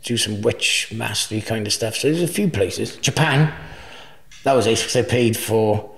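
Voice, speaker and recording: A man's voice: on the low side, normal speed, gravelly. A man in his forties, a podcast guest, telling rambling anecdotes, swearing freely and laughing often. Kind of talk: casual storytelling interview. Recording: roomy echo.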